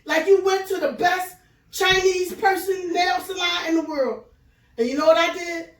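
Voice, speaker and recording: High-voiced woman telling a profane story. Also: normal speed, echoey room, far from the mic. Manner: animated, profane, laughing through her story. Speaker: show host. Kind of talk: casual storytelling chat.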